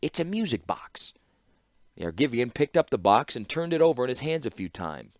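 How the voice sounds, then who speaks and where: A man narrating a fantasy audiobook with expressive storytelling. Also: medium pitch, quick pace, dry recording, clean studio sound. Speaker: audiobook reader.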